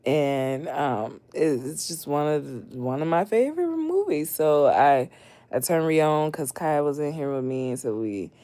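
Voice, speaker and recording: A mother hosting a casual late-night livestream, expressive and laughing often, swinging between loud outbursts and hushed talk. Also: sits low, unhurried, no room sound. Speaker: livestream host.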